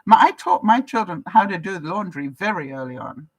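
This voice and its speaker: A woman's voice: on the low side, big pitch swings, brisk, low-quality recording. An older woman from Canada, a vlogger chatting casually as she reads out viewer comments, laughing often and asking her viewers questions. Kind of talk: casual live-chat talk.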